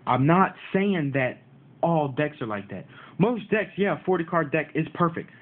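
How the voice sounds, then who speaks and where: A man's voice: on the high side, animated, moderate pace. Frustrated man ranting, tinny sound. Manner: frustrated, repetitive, mocks commenters. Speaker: card game video maker. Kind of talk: ranting vlog to viewers. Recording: tinny phone-like audio.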